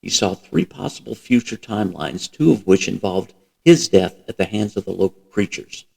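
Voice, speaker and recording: Low, gravelly man reading a novel. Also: lively intonation, moderate pace, mellow, low-quality recording. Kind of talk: audiobook-style reading.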